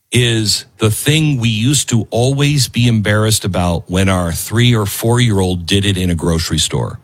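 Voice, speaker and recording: A man delivering opinionated commentary with a lively, up-and-down delivery. His voice has a husky edge, and he hammers his points home by repeating them. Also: fairly low pitch. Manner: emphatic, lively, repeats lines for stress. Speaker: commentary show host. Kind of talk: opinionated commentary over a played video.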